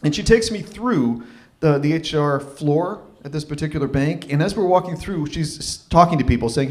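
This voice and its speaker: A man's voice: a little high, normal speed, hardly any pauses. Man telling a personal story at an open mic. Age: 30s. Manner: animated, acts out quoted voices. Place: live open mic venue.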